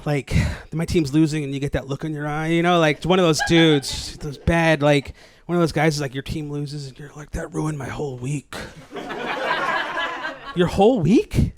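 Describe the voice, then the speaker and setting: A man's voice: a little high, fairly even intonation, fairly quick, few pauses. A man doing a stand-up set on a live stage, rambling with lots of likes and restarts and laughing at his own jokes. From New Jersey, USA. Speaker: stand-up comedian. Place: comedy stage before a live audience. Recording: live stage mic with audience noise.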